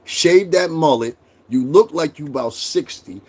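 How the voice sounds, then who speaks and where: A man's voice: fairly high pitch, animated, a little slow. A man hosting a livestream, ranting bluntly and profanely and roasting his chat. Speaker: livestream host. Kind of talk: casual livestream rant.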